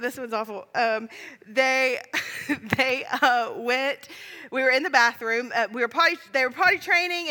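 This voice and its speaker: A woman's voice: on the high side, pushed and bright, big-room sound. A woman in her thirties preaching a sermon, telling funny family stories in a chatty, self-deprecating way and laughing along.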